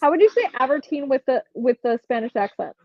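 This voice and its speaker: A woman's voice: sits high, lively intonation, quick pace, no echo, highs cut off. A young woman hosting a casual livestream giveaway, chatting and laughing while reading comments from chat aloud. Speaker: livestream host running a giveaway.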